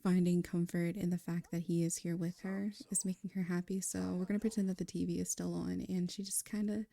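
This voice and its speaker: This gameplay storyteller, a young woman, has a voice on the low side with a level tone, a slightly fast pace, and some creak. She recounts a life-sim game story casually on a close mic, warm and chatty, with frequent laughs and fillers.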